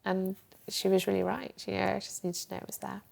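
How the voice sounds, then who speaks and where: A woman's voice: mid-range voice, flat delivery, fast, creaky. A young woman, a guest, candidly telling her own story in a reflective, open way. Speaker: guest, journalist and coach. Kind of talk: candid personal interview.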